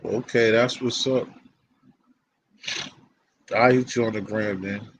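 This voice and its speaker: A man chatting casually with a friend, loose and relaxed, full of slang. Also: lowish voice, slow pace, rough recording. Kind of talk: casual chat. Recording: faint background noise.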